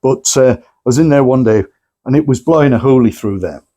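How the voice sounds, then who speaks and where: A man presenting at a club night, telling anecdotes in a lively way and acting out the people he quotes. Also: medium pitch, brisk. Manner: lively storyteller, acts out quotes.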